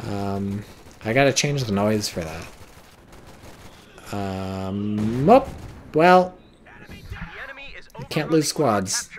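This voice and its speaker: Lively American man casting a strategy game. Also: on the low side, very slow, pauses often, a little hiss or hum. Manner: excitable, swears and yelps at big plays. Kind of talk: casual play-by-play game commentary.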